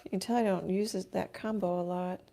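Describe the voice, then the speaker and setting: Gravelly woman musing while painting. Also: on the low side, fairly even intonation, brisk, mellow. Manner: musing, self-talk while painting, trails off. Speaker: art teacher painting live. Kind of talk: casual painting livestream commentary. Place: home art studio.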